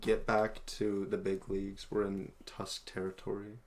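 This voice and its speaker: Woman, guest, movie-review chat, very deep voice, deadpan, earnest, playful. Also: moderate pace.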